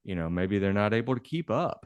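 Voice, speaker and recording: A man co-hosting a talk show, speaking in a halting way and searching for his words. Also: fairly low pitch, expressive, no room sound. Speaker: podcast co-host. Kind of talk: casual chat.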